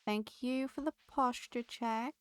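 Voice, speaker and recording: A woman's voice: fairly high pitch, steady tone, slow pace, clean tone, dry recording. A woman live-streaming a game, chatting to her viewers and laughing often. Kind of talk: live gameplay streaming chat.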